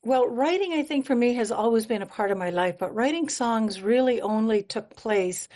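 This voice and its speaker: A woman's voice: on the high side, lively intonation, normal speed, mellow. A woman from Manitoba, Canada, a singer-songwriter guest speaking in a radio interview, telling stories in an earnest, reflective way and laughing easily.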